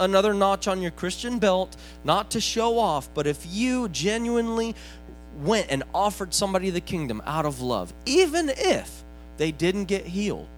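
A man preaching, telling a healing story with lively swings between excited bursts and hushed, quiet retelling. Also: sits high. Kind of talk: storytelling sermon.

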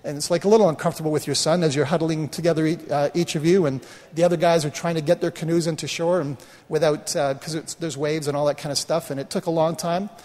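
A man's voice: fairly high pitch, steady tone, fast talker, a little mellow, big-room sound. A middle-aged man preaching a sermon as pastor, in a folksy, conversational way full of rhetorical questions and restarts.

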